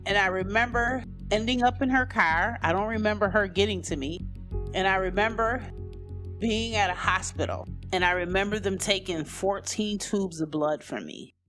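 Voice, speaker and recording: A woman telling her own life story casually, full of "you know" and "like," raising her pitch sharply when she quotes people. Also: moderate pace, faint music behind. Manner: conversational, many "you know" and "like" fillers; acts out quoted voices with sharp rises in pitch. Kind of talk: personal storytelling.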